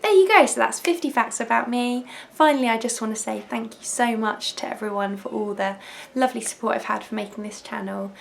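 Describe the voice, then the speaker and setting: A woman's voice: on the high side, fairly quick, gravelly, a little hiss or hum. A young woman vlogger chatting to camera, self-mocking and laughing often. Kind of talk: casual chat to camera.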